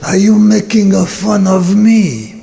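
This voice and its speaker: A man voicing a touchy foreign male dance competitor who speaks in stiff, halting phrases. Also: high-pitched, gravelly, warm tone, voice pushed up, heavily acted. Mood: indignant. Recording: echoey hall.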